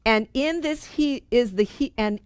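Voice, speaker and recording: This clean, dry studio recording captures a middle-aged woman's fairly high, clear, resonant voice as she unhurriedly leads a spiritual study group. She teaches earnestly and conversationally, echoing key phrases for emphasis.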